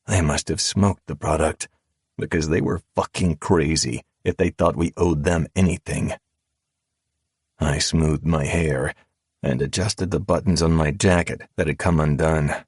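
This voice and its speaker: A male narrator reads a first-person audiobook in a calm, measured drawl, his voice extremely deep and unhurried. The sound is husky, and the close studio recording is completely dry. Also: no room sound. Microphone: close studio mic.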